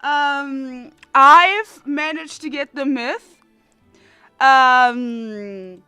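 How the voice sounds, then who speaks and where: A woman streaming live, chatting casually with viewers in an excitable way, repeating words and laughing often. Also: sits high, extremely slow, no room sound, soft background music. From Australia.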